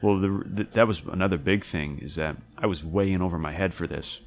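On a podcast, a young co-host with a very deep voice recounts a hiking trip in a loose, casual chat. He talks briskly, rambling through the story with plenty of fillers and restarts, and swears freely.

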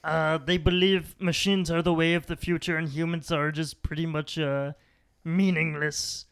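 A man's voice: fairly high pitch, flat delivery, moderate pace, fairly bright tone, clear, resonant tone. A man playing in a tabletop role-playing game, answering in a cheerful, earnest and hesitant way. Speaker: podcast guest player. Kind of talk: casual tabletop role-play chat.

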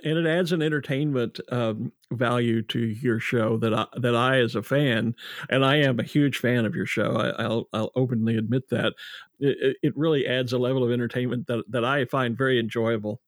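A man hosting a podcast interview, talking with many restarts and warm praise for his guests. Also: mid-range voice, fairly even intonation, normal speed, dry recording, clean studio sound. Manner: hesitant, repeats words, effusive praise. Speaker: podcast host. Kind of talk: interview chat.

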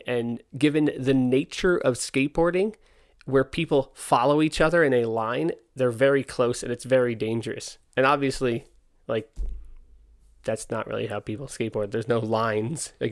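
A young man, a podcast host, telling a story in casual, candid talk, exasperated, and acting out the dialogue. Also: medium pitch. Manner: candid, exasperated, acts out dialogue in quick quotes. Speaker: podcast host, skate park owner.

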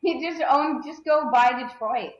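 A woman chiming in on a podcast with quick, giggly remarks. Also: sits high, roomy sound, highs cut off. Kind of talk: casual chat.

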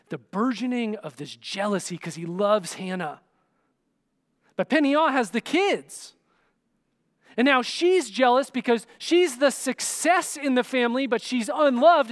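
A male pastor giving a conversational sermon, often checking in with the listeners and acting out scenes. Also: high-pitched. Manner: dramatic, acts out scenes.

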